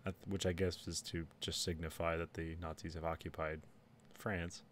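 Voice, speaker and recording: A man's voice: low-pitched, level tone, normal speed. Rambling, laughing podcast co-host man. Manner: rambling, laughs often, trails off. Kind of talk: casual chat.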